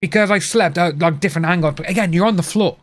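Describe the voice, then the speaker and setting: A man's voice: high-pitched, fast talker. Man telling a rambling story. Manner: rambling personal storytelling with asides. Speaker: live-stream host. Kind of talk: casual live-stream chat.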